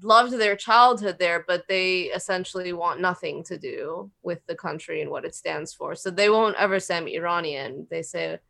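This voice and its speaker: A woman's voice: on the low side, normal speed, creaky, few pauses, fairly bright tone. A young woman, a podcast co-host and guest, talking casually, rambling and restarting her sentences. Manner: rambling, restarts often, says "like". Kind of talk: casual chat.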